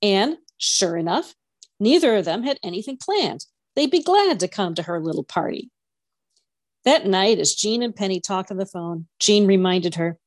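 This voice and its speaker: Woman reading a book aloud, steady, mid pitch, dry mic. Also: moderate pace, no room sound. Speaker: podcast co-host, reader.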